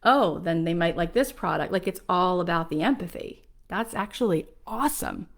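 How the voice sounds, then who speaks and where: A woman's voice: fairly low pitch, expressive, normal speed. Woman host, thirties, upbeat motivational talk, casual chatty delivery. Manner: enthusiastic, conversational, uses filler "like".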